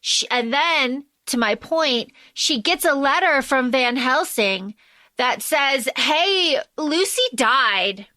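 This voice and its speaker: A woman hosts a casual podcast, her voice sharp and high. She tumbles through a story with plenty of fillers and restarts. The sound is dry and close to the mic. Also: takes it slowly, dry recording. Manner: animated plot retelling with many fillers. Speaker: podcast host.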